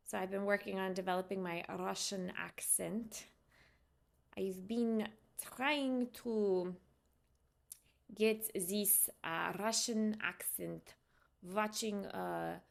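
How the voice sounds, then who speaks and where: A woman who teaches yoga, chatting casually with viewers on a live stream, unhurried and loose with fillers and restarts. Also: mid-range voice, gravelly.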